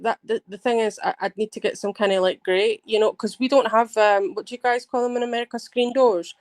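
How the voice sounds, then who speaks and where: A woman's voice: fairly high pitch, fairly quick, no room sound. Woman ranting on her livestream, lots of restarts and swearing, dry close sound. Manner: animated rambling storyteller, swears, many restarts. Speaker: livestream host. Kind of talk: casual livestream chat.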